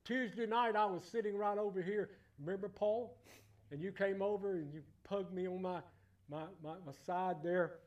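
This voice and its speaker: High-voiced man preaching a lively sermon. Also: moderate pace, muffled recording. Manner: emphatic, repetitive, building to loud exclamations. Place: church.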